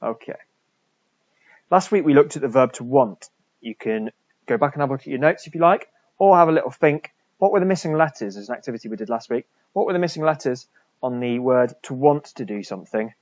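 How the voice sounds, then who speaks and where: A man, a French teacher, talking through a recorded lesson for pupils and slowly repeating French words for them to copy. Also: mid-range voice, expressive, a little mellow, no room sound, lo-fi sound.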